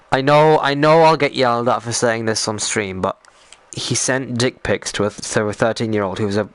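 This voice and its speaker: A young Irish man talks loosely on a live stream, swearing often and winding himself up as he goes. His voice sits at an ordinary male pitch. It is recorded close and dry, with no room sound. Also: a bit bright, no echo. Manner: rambling, swearing, quick to get worked up. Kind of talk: casual live-stream chat.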